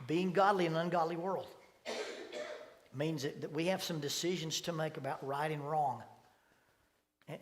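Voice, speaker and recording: A middle-aged man preaching a sermon, telling stories and acting out voices with sudden loud bursts. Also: a little high. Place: church sanctuary. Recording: long hall reverb.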